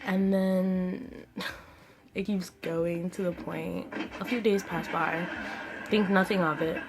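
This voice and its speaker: A young woman telling a story-time vlog in a chatty, animated way, full of "like"s. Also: fairly low pitch, takes it slowly. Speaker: vlogger. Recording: music playing behind the voice. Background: music.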